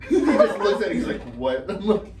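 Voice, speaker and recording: A man's voice: high-pitched, moderate pace, slight background noise. A young man, a podcast guest, telling family stories in casual chat and acting out their lines. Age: young adult. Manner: animated storyteller, acts out his family's lines. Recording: echoey room, mic at a distance.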